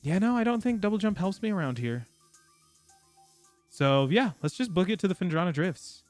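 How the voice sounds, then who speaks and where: A man's voice: high-pitched, lively intonation, normal speed, darkish tone, dry recording, faint music behind. A man chatting casually with his viewers while he streams a game. He rambles and laughs often. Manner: talks to chat while playing. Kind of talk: casual live gameplay chat.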